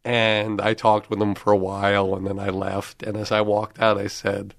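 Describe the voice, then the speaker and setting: Middle-aged man, lowish voice, chatty anecdote teller, dry close sound. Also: normal speed, gravelly, no echo. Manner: chatty, lively storyteller who quotes others. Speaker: comedy manager and podcast host, guest here. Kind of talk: anecdotal storytelling.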